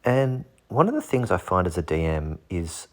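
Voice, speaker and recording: A man's voice: sits low, big pitch swings, normal speed. A man casually talking through fantasy monster art, joking and making puns along the way. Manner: jokey, punning, self-deprecating. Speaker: channel host.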